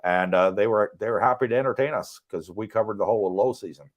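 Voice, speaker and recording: A man's voice: fairly low pitch, quick pace, lo-fi sound. An American man co-hosting a casual livestream from his condo in Thailand, chatting easily and reading out viewer questions with frequent light laughs. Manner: relaxed, chatty, easy laughs. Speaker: livestream co-host.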